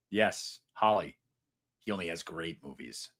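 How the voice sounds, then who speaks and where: A man's voice: on the low side, big pitch swings, measured pace, a bit bright. A young man hosting a casual live stream, reading super chats in a rambling, self-mocking way and swearing freely.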